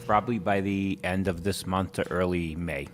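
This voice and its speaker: A man answering questions at a school meeting, halting and hesitant, with many ums. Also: deep voice, steady tone, fairly bright tone, soft background music.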